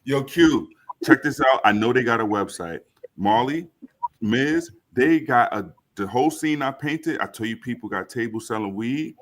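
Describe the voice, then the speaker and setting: A man from Brooklyn, hosting a casual group chat and telling an excitable story with plenty of swearing. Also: medium pitch, moderate pace.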